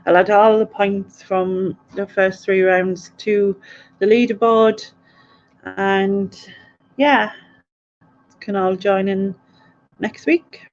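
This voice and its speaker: A young woman hosting a casual late-night livestream quiz and chat. She rambles, reads viewer comments aloud and laughs softly between them. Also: mid-range voice. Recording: dull, lo-fi stream audio.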